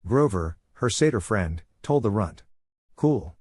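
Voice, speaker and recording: Low-voiced man reading fan fiction. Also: animated, normal speed, a little mellow, no echo, clean studio sound. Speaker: fanfiction reader.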